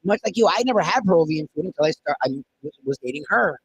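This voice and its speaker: A man's voice: high voice, expressive, fast, creaky, poor audio. A man who is a regular on a TV food segment, chatting casually. He jumps in eagerly and sounds earnest. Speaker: show regular. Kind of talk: casual on-air chat. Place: restaurant dining room.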